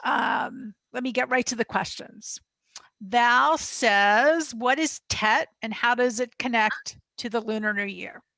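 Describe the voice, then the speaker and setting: A woman's voice: fairly high pitch, slow pace, vocal fry, sharp tone, no room sound. A woman hosting an online lecture, reading out audience questions in a friendly, casual way. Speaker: lecture host and moderator. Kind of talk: casual moderating.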